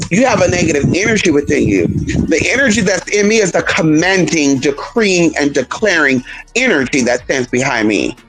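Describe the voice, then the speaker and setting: Brief: flamboyant man, rapid and animated, sassy storytelling vlog. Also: rough recording. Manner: flamboyant, sassy, very expressive, swings into high voices for quoted people. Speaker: spiritual practitioner and vlogger. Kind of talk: casual storytelling monologue.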